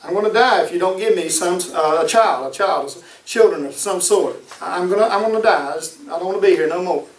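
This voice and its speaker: A man's voice: high-pitched, fairly quick, hardly any pauses, recorded from a distance. A man voicing a barren young wife who sulks and pleads in a petulant tone. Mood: pouting. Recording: echoey room, voice from off-mic.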